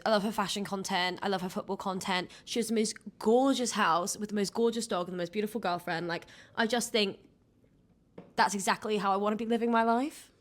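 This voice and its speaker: A young woman co-hosting a podcast, telling stories in a lively, animated way and laughing often. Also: medium pitch. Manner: animated storytelling, laughs a lot. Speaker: podcast co-host. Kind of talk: casual chat.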